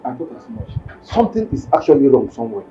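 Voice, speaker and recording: An actor voices a remorseful young Nigerian man who pleads and apologizes. The sound is dull, with clear background noise. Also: medium pitch, very animated, fast, lightly acted. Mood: pleading.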